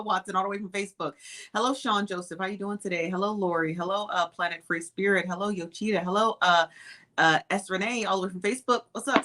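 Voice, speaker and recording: A woman's voice: mid-range voice, a bit bright. A woman hosting a casual livestream, chatty and greeting viewers one by one with easy laughs. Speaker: livestream host.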